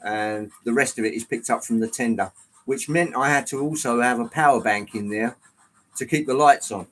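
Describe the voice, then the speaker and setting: A man's voice: mid-range voice, normal speed, fairly bright tone, low-quality recording. A middle-aged man casually chatting with viewers as he runs and explains his model trains. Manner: chatty, exclamatory, reads chat aloud. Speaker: livestream host showing model trains. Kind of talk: casual live chat with viewers. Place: indoor hobby room with layout.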